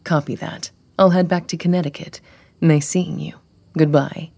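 A woman reading an audiobook, voicing a smug, pushy man who keeps justifying himself in a glib, quiet way. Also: low voice, fairly even intonation, normal speed, vocal fry, dry recording. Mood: mocking. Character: male ex-boyfriend, smug, pushy, self-justifying.

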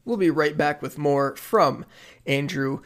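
A man's voice: on the high side, a bit bright, slight background noise. A man hosting a sports podcast, reading sponsor spots and chatting with a guest. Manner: upbeat, reads sponsor copy briskly. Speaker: podcast host. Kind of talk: casual sports podcast and ad reads.

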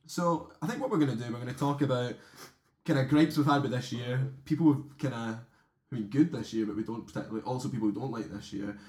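A man's voice: mid-range voice, quick pace, a little mellow. Chatty Scottish man hosting a podcast. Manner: rambling, self-interrupting, chatty. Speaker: podcast host. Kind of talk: casual podcast chat. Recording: roomy echo.

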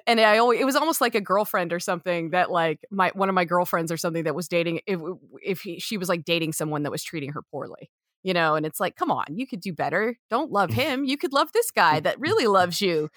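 A woman sports reporter talking as a podcast guest, chatty and animated, laughing often. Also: on the low side, no echo, studio quality. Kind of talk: casual podcast conversation.

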